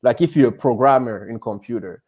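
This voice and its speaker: A man's voice: mid-range voice, a little fast, breathy edge. Talkative man with English. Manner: animated, many "you know what I mean" fillers. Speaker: podcast co-host. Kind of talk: casual panel discussion.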